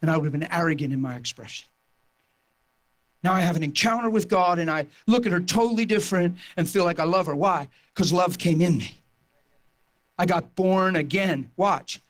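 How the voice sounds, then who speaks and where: A man preaching a sermon, telling a personal testimony with impassioned storytelling that rises toward shouting. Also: high voice, moderate pace. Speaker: pastor.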